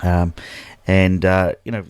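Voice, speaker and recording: A man's voice: low-pitched, little pitch movement, slow pace, a little mellow, clean tone, no echo, studio quality. A man with an Australian accent hosting a casual photography live stream, chatting loosely and greeting viewers by name. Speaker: photography livestream host.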